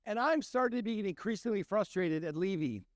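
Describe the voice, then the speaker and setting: A middle-aged man, a chef and restaurant owner, telling stories in an animated way and acting out the voices of the people he quotes. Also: high-pitched, brisk, no room sound, clean studio sound. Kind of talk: storytelling talk.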